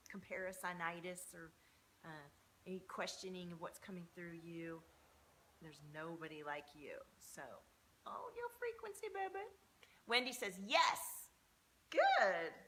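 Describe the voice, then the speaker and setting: A middle-aged woman hosting a spiritual live stream, chatting warmly with viewers, gushing and swearing freely. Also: a little hiss or hum. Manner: gushing, affectionate, swears freely, swoops up high when excited.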